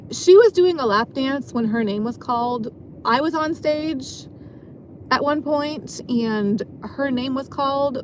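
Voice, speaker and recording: A woman's voice: a little high, noisy background. A woman casually telling a long story from her job as a dancer, rambling and filling her sentences with "like". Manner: rambling, filler-heavy, frequent "like".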